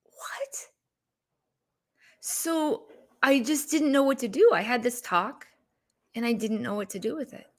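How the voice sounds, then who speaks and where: A woman's voice: on the high side, expressive, moderate pace. A woman coach telling a personal story on a live stream, emotional and exasperated, with many rhetorical questions. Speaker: business legal coach and speaker.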